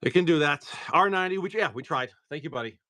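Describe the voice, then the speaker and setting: A man's voice: fairly high pitch, animated, fast, pushed and bright. A man hosting a live stream, opening card packs and upbeat as he thanks viewers by name.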